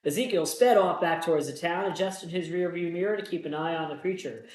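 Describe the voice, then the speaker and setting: A man's voice: fairly high pitch, a little fast, roomy sound, low-quality recording. Casual man hosting a board game playthrough. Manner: casual, self-deprecating, thinks aloud. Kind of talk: solo board game playthrough with read-aloud story text.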